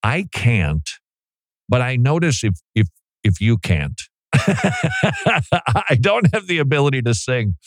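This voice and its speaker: A man's voice: medium pitch, wildly swooping pitch, slow pace, pauses often, dry recording, clean studio sound. A man hosting a talk radio show, chatting casually with joking, self-deprecating asides.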